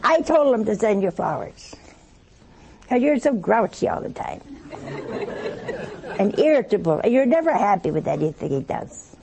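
A woman's voice: mid-range voice, very animated, normal speed, gravelly, pauses often, background noise. An older woman giving a chatty, folksy sermon, telling stories and acting out the dialogue in different voices. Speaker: religious speaker. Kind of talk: storytelling sermon.

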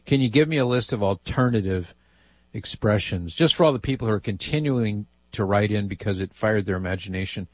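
Chatty male radio host, husky low voice. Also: a little fast, dry recording. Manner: chatty, reads listener emails aloud with amused asides. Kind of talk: casual call-in radio talk.

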